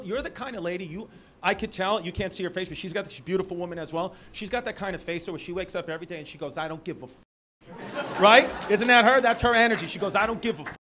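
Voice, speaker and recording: A man's voice: sits high, background noise. A male stand-up comedian doing loose, profane crowd work, teasing people in the front rows. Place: small comedy club. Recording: live club with loud crowd laughter.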